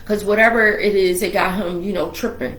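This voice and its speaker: A woman telling a personal family story in a casual, animated way, acting out the people she quotes and swearing freely. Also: medium pitch, a little fast, roomy sound, poor audio. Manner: swears freely, informal speech.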